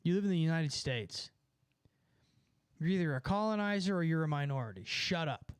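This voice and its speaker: Young Californian man, mocking casual chatter, slightly high voice. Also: lively intonation, clean tone, no room sound. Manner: sarcastic, mocking, quick asides with laughs. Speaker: streamer. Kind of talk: casual ranting chat.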